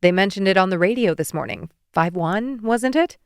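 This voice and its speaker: A woman voicing a caring, fussing middle-aged mother on the phone, brisk and gently teasing. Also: mid-range voice, expressive, clear, resonant tone, no echo, studio quality, lightly acted. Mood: motherly.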